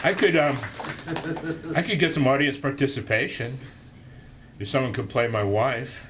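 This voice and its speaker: A man's voice: mid-range voice, animated, normal speed, background noise. A man reading aloud from his own book to a live audience, breaking off for self-deprecating jokes. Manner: self-deprecating, joking asides. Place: indoor room with an audience.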